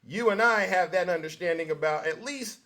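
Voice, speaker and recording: Male call-in host, high bright voice, calm and placating. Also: fairly quick. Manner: calm, soothing, repeats names to get attention. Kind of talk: live call-in show hosting.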